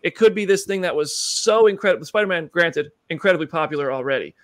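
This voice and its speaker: A man's voice: fairly high pitch, fast, dry recording. A man hosting a show interview, enthusiastic and rambling, apologizing for his own jokes. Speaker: show host. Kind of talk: casual interview chat.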